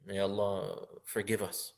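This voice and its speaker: A man's voice: deep voice, very animated, unhurried, vocal fry. A man teaching a religious lesson on a poem, speaking with feeling and rising to emphatic peaks. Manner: impassioned, building up to loud emphatic peaks, sometimes half-singing verses.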